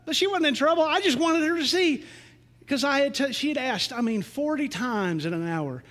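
A man preaching a sermon in a church, earnest and slowing down with rising emphasis on key lines. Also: very high-pitched, animated, a bit bright, long reverb tail. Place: church sanctuary.

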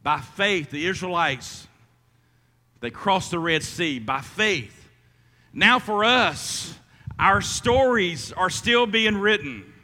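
A man's voice: high-pitched, lively intonation, slow, pushed and bright, big-room sound. A man preaching a sermon as pastor, stumbling through restarts and fillers and rising to emphatic calls.

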